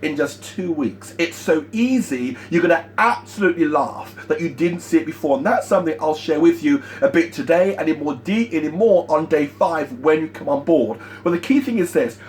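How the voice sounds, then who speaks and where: Man, sales trainer, motivational talk, emphatic, energetic, slightly high voice, faint background noise. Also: brisk, few pauses. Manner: emphatic and energetic, repeats key points.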